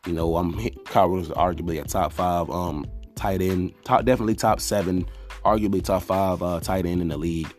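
A man's voice: low-pitched, fairly even intonation, brisk, a little mellow, faint music behind. A young man hosting a casual solo sports podcast, rambling and talking straight to teams as "y'all" with lots of restarts. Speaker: podcast host.

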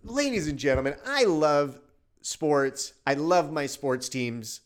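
A man's voice: a little high, animated, slow. A man from Wisconsin hosting a casual sports podcast, ranting in an exasperated, profane way. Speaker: podcast host.

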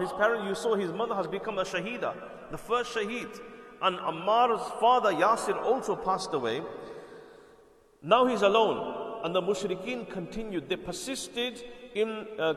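A man's voice: high-pitched, fairly bright tone. A man telling a religious story in a conversational lecture style, repeating words and checking in with his listeners. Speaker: Islamic preacher. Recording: echoey hall with long reverb.

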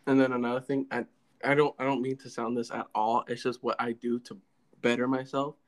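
An easygoing man hosting a casual podcast conversation, asking questions of his guests. His voice sits at an ordinary middle pitch. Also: little pitch movement, fairly quick. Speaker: podcast host. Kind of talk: casual chat.

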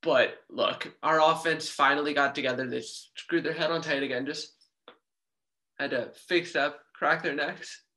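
A man with a bright, fairly high voice recaps a game in a casual sports podcast. He talks like an excitable fan, with jokey asides and quick bursts of speed. He sounds close to the mic.

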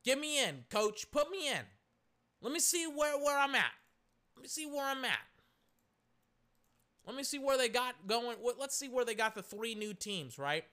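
Brief: high, bright male sports commentator, exasperated solo rant, keeps correcting himself. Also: moderate pace, pauses often.

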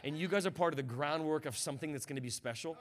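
A guest pastor delivers a sermon in a fairly high voice at a quick pace. He talks loosely and conversationally, repeating words and restarting, and builds up to passionate shouting.

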